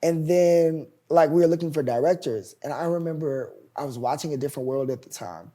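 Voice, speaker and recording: A man's voice: on the high side, fairly quick. A man in his twenties, a playwright and showrunner, telling his story in a casual interview and acting out the people he quotes. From United States. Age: 20s. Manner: animated, acts out quoted voices loudly.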